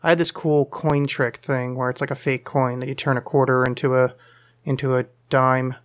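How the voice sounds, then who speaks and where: A man's voice: medium pitch, level tone, normal speed. A man hosting a casual solo live podcast, answering listener questions in a rambling, self-deprecating, jokey way with lots of fillers. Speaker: podcast host. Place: home studio, leaning over to check screen.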